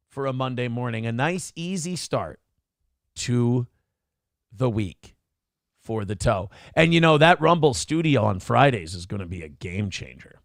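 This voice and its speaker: A man's voice: on the high side, creaky, fairly bright tone, no echo, clean studio sound. A man hosting a morning talk show, chatting casually with a sarcastic, rambling delivery.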